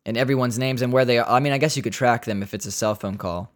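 A man's voice: medium pitch, fast talker. A man hosting a podcast, chatting casually in a rambling, joking way with some swearing. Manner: rambling, jokey, swearing, laughing at his own asides. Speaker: podcast host. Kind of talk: casual solo podcast chat.

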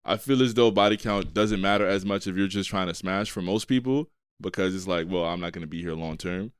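A young man hosting a podcast, giving his views in a relaxed, somewhat hesitant casual chat. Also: deep voice, fairly quick, smooth, no room sound, clean studio sound. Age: young adult. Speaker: podcast host.

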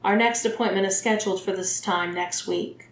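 A woman's voice: mid-range voice, fairly even intonation, normal speed, natural voice. A woman voicing a cool, clinical female asylum doctor who speaks in a formal, detached way. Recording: roomy echo.

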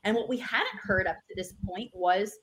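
A woman's voice: medium pitch, moderate pace. Chatty woman co-hosting a sports podcast. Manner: animated, reads out player quotes. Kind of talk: casual sports chat.

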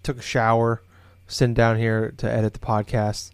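A man's voice: mid-range voice, little pitch movement, normal speed, clean tone, no echo. A man co-hosting a podcast, telling a long story casually from his home office, rambling with many fillers and restarts. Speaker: podcast co-host.

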